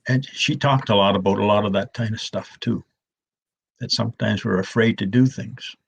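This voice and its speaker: An older man tells stories in a soft, slow voice that sits low and a little husky. He restarts and repeats himself often, speaking with the calm patience of an elder. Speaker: elder storyteller. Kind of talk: gentle storytelling talk.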